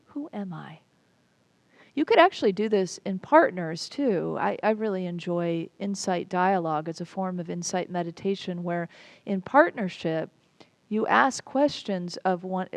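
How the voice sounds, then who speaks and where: A woman minister giving a reflective sermon at an unhurried pace with pauses. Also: medium pitch, vocal fry, darkish tone, no echo.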